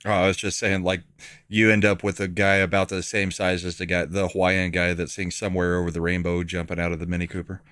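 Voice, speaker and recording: A man's voice: deep voice, completely flat delivery, fast talker, a bit bright, clear, resonant tone, no echo. A man on a casual podcast, dropping dry jokey asides. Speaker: podcast co-host.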